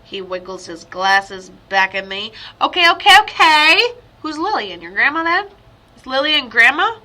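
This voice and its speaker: Bright, high-voiced woman medium. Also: measured pace. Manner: chatty and rambling, with sudden excited outbursts. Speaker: psychic medium. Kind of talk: spirit reading for a client. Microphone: video call.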